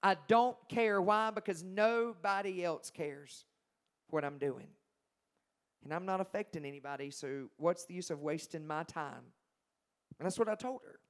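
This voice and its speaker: A young man, telling his personal testimony to a congregation. He speaks emphatically and swings from loud to hushed. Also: on the high side. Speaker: Christian singer-songwriter giving his testimony.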